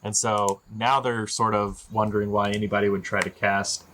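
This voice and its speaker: A man runs a tabletop game, narrating in a loose, chatty way with plenty of "um"s and "like"s. His voice is bright and forward. A light hiss hangs in the background. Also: lowish voice, little pitch movement, normal speed. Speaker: game master.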